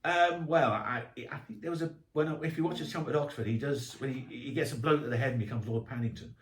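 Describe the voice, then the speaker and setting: Brisk male guest, rambling storyteller, roomy distant sound. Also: mid-range voice. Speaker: author and historian guest. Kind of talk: casual podcast chat. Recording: echoey room, distant mic.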